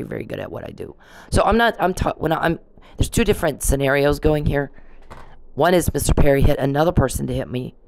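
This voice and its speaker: A woman's voice: very deep voice, darkish tone, no echo. A woman vlogging in a rambling, indignant to-camera rant, swearing freely.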